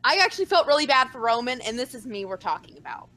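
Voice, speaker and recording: A woman's voice: a little high, sing-song, fast, bright, forceful tone. A woman co-hosting a casual chat who chimes in with short interjections and quips. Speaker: podcast co-host.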